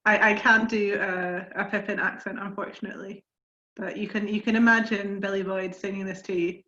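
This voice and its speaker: A woman reading a song from a book aloud on a video call, gentle and slightly hesitant. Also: medium pitch, level tone, a little fast. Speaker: reader. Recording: dull, roomy video call audio.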